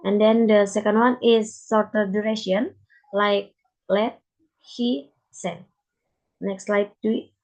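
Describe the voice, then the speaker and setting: A woman's voice: mid-range voice, level tone, measured pace, a little mellow, low-quality recording. A young woman giving a class presentation, reading carefully from slides and often repeating words. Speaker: student presenter.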